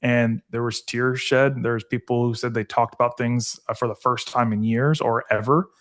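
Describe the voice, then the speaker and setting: This man's voice sits in the mid range, with fairly even intonation and a moderate pace. He's a guest on a podcast, the founder of a veterans foundation, talking casually but earnestly and from the heart, with plenty of "like" and "uh."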